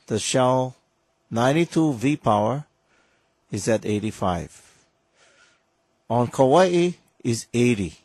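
A man hosting a car-repair radio show, talking slowly and bluntly in a folksy way. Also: mid-range voice, darkish tone, dry recording. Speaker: radio show host, auto mechanic. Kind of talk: casual call-in radio chat.

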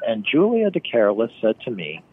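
A travel writer telling chatty, wry stories on a radio call. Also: male voice, on the low side, wildly swooping pitch, brisk, breathy edge, narrow, tinny audio. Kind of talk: phone-in radio chat. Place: on location outdoors by phone.

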